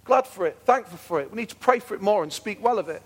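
Man, pastor, sermon, earnest, repeats himself, fervent, high voice, long church reverb. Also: expressive, fast talker, breathy edge. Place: church hall.

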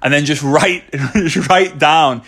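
Speaking close to a phone mic, a man co-hosts a casual podcast, chatty and laughing, with many fillers and restarts. His voice sits on the high side, slow and creaky, with a fairly bright tone.

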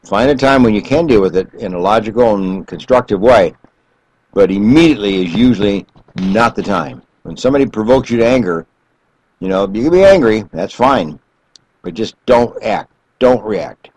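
A man's voice: lowish voice, animated, moderate pace, a little mellow, husky, rough recording. A male therapist giving an emphatic self-help talk, counting off numbered steps and repeating key phrases.

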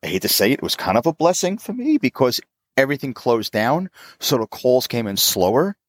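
A man in his fifties, a mechanic, telling stories in a chatty, animated way as an interview guest. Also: mid-range voice, a little fast, no room sound, clean studio sound. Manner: chatty, animated, laughs often. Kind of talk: casual storytelling.

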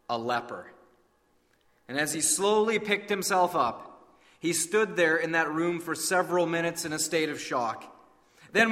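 Male preacher, dramatic storyteller swinging from hushed to loud, forceful and bright, echoing sanctuary. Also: fairly high pitch. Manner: dramatic, drops to a hush, then cries out. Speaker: pastor. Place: church sanctuary. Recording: long reverb of a large hall.

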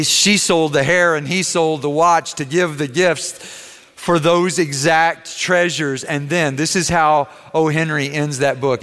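A man preaching a sermon, telling a story with loud emphatic peaks that drop to hushed, slow endings. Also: fairly high pitch. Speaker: pastor. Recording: large hall reverb.

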